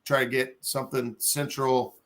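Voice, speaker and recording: A man's voice: medium pitch, little pitch movement, normal speed, a bit bright. A man from Ohio hosting a casual fishing live stream chat, rambling with lots of ums and uhs and chuckling between thoughts. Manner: rambling, hesitant, lots of fillers. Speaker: host.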